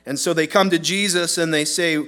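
A man's voice: on the high side, fairly even intonation, a little fast, pushed and bright. A man preaching a sermon as pastor in a church, earnest and emphatic, acting out the voices he quotes.

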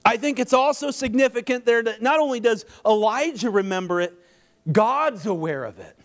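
High-voiced preaching man. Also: moderate pace. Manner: animated preaching with mocking asides. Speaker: pastor. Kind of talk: sermon.

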